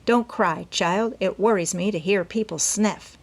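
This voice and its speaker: A woman voicing a sharp, gruff old aunt who scolds in a storybook. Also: medium pitch, measured pace. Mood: scolding.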